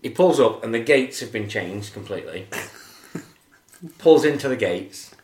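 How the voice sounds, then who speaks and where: A man's voice: lowish voice, animated, moderate pace, a little mellow, reverberant. A man co-hosting a podcast, telling a long anecdote in a rambling, casual way. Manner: rambling anecdote with acted quotes. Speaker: podcast co-host. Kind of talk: casual storytelling chat.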